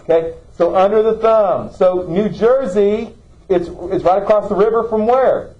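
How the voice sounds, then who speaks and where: A man's voice: high voice, a little slow, darkish tone, lo-fi sound. A man teaching a classroom lesson, asking students questions and checking in with "okay?". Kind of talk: classroom lecture.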